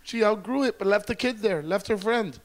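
A man co-hosting a podcast chats casually, rambling animatedly and swearing freely. His voice sits high and his delivery is brisk.

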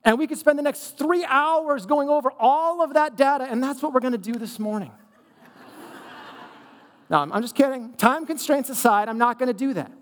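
Man, pastor, sermon, high voice, conversational and joking, rhetorical questions, long church reverb. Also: moderate pace. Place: church sanctuary.

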